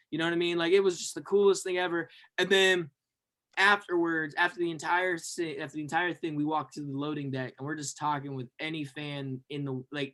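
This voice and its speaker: A young man co-hosting a podcast, telling a rambling, profane story with lots of fillers and yelled-out quotes. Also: a little high. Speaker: podcast co-host. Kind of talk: excited casual storytelling.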